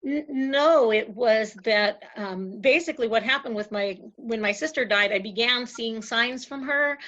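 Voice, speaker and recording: A woman guest telling her story in a chatty interview, often halting and restarting as she speaks. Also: fairly high pitch, a bit bright, muffled recording. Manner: halting, with many restarts and fillers. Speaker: guest, spiritual channel.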